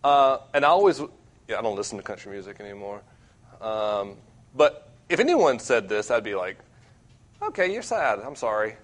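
A young man preaching as a campus minister, earnest and self-deprecating, with wide swings between loud and quiet. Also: lowish voice, big pitch swings, normal speed. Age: young adult. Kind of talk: sermon.

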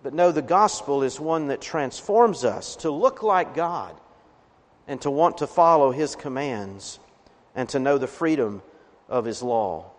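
A man's voice: medium pitch, expressive, a little slow. A man preaching a sermon as a pastor, earnest, swelling with emphasis on key words. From Appalachian region of the US. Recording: reverberant hall.

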